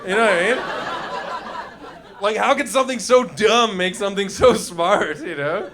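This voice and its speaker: A young man doing live stand-up, riffing crudely with the crowd, often laughing and breaking into shouts, on a handheld stage mic. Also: high-pitched, expressive, normal speed. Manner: loose, crude, laughing through lines, shouting bursts. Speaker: stand-up comedian. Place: comedy club stage before a live audience.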